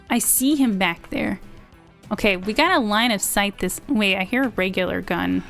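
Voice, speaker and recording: A woman's voice: mid-range voice, moderate pace, vocal fry, fairly bright tone, soft background music. A woman streaming a video game, chatting casually and playfully with her viewers and swearing now and then. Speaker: VTuber streamer. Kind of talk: casual gameplay chat with viewers.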